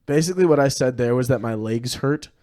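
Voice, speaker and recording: A man's voice: medium pitch, fast, warm tone. An eighteen-year-old man co-hosting a podcast, telling rambling stories full of fillers and laughs in casual chat. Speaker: podcast co-host.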